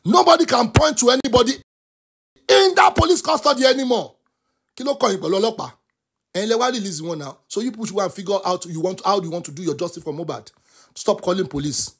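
A man with a Nigerian accent hosts a talk show and gives animated commentary. He is impassioned, mixes English and Yoruba, and keeps breaking into shouts. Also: high voice, fast, slightly rough. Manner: impassioned, switches between English and Yoruba, often bursts into shouts.

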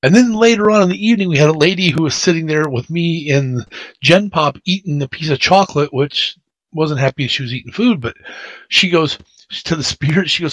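A man co-hosting a radio show, telling stories in a casual, animated, rambling way. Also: a little high, fairly quick, dry recording.

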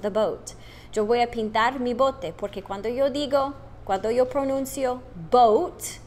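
A woman's voice: on the high side, darkish tone, a little hiss or hum. A woman teaching a first-grade phonics lesson, switching between English and Spanish and stretching out vowel sounds. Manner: repeats each step in English then Spanish, stretches words slowly; emphatic "no" and drawn-out vowel sounds.

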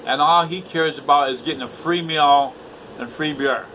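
Bitter older man venting to camera, harsh bright voice, pitched a bit high, faint hum behind. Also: normal speed, low-quality recording. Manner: profane, bitter, repetitive. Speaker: vlogger. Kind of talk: angry rant to camera. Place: indoors at home.

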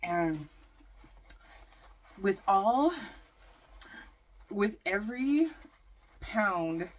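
A woman's voice: medium pitch, drawn-out words. Lady doing a chatty storytime mukbang, lots of ums and likes, medium voice. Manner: chatty, animated storytelling with many fillers. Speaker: mukbang vlogger. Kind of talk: casual storytime while eating.

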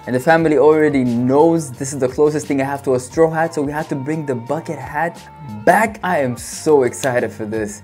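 A man hosting his own channel, giving casual, excitable fan reaction commentary with loud cheering outbursts. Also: mid-range voice.

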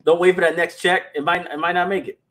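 High-voiced man chatting to viewers. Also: fast. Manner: animated, talks straight to viewers, repeats words. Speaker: animation company founder hosting a livestream. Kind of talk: casual livestream chat.

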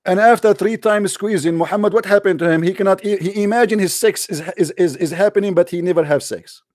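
A man's voice: sits high, fast talker, darkish tone, no room sound, clean studio sound. A man hosting a heated online debate, mocking and combative, often talking over his opponent. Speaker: debate host.

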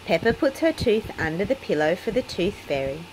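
A woman reading a children's picture book aloud in an expressive storytelling way. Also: medium pitch, a little fast, a little hiss or hum, low-quality recording.

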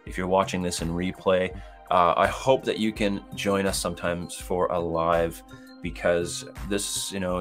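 A middle-aged man hosting a casual live-stream Q&A as a kitchen designer, rambling in a relaxed way with lots of fillers and restarts. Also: low-pitched.

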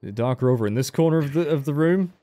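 A man's voice: on the high side, lively intonation, very fast, mellow, dry recording. A man giving casual, joking game commentary as a let's play host, with frequent swearing. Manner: chatty, joking, swears freely.

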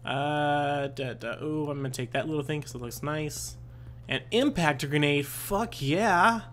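A young man doing let's-play commentary, excitable and swearing, yelping and laughing at himself as he plays. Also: fairly high pitch, a little slow. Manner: excitable, swearing, yelps and self-mocking laughs. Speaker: gaming YouTuber.

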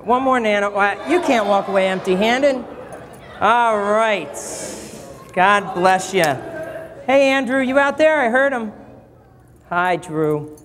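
A man preaching to a college chapel audience, telling stories in an animated, joking way. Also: high-pitched, slow, long pauses. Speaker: pastor speaking in a college chapel. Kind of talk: sermon. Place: chapel hall. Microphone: PA microphone. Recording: long reverb hall with faint noise.

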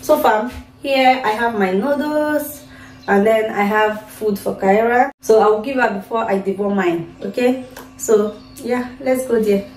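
A woman's voice: on the high side, darkish tone, roomy sound, distant mic. Nigerian woman vlogging at home. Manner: doting, sing-song baby talk mixed with quick asides to viewers. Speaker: vlogger and mother. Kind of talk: casual home vlog. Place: home kitchen and living room. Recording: noisy home recording.

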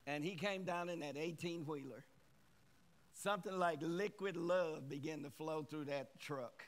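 A man's voice: on the high side, unhurried. A man in his fifties preaching a sermon, leading the congregation in call-and-response. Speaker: guest preacher. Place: church sanctuary.

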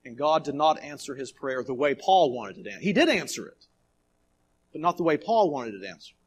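A pastor preaching from the pulpit, his high voice leaping up and down with great animation. He pushes hard on key phrases, then drops to a hush and stretches out the words. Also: animated, slightly rough, dull audio. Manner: preaching with dramatic swings between loud emphasis and quiet, drawn-out phrases. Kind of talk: sermon. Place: church sanctuary.

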